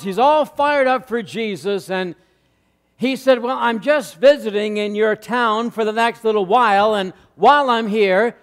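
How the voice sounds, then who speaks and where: A middle-aged male pastor preaching a sermon, telling stories and getting louder and higher as they build. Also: long reverb tail. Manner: storytelling, rising loud and high in anecdotes. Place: church sanctuary.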